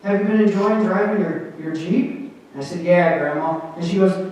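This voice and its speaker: A middle-aged man tells loose, rambling stand-up stories from a small theatre stage. His voice sits a little high and jumps up sharply as he lands each bit. He is heard from far off in a hall with a long, echoing ring. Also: fairly even intonation, moderate pace, muffled recording, background noise. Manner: loose, rambling storytelling with punchy rises. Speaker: stand-up comedian and emcee. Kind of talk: stand-up comedy set.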